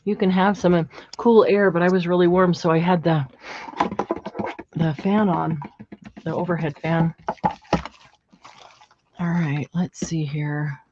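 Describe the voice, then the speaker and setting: A woman's voice: fairly low pitch, steady tone, a little slow, long pauses, a little hiss or hum. Chatty woman crafting on a lo-fi stream. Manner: chatty, admiring, thinks aloud while working. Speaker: craft livestream host. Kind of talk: casual craft chat. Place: home craft room with overhead fan.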